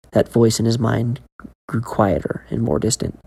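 A woman with a remarkably deep voice narrates a scripted horror story. She keeps a steady, measured storytelling pace throughout. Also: gravelly, slightly rough.

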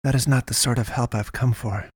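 A man's voice: steady tone, brisk, husky, no echo, close to an everyday voice. Fierce hurt young woman muttering short lines, guy reading her part, dry sound. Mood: curt. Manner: low, clipped, muttering. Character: wounded pale young woman, curt and fierce.

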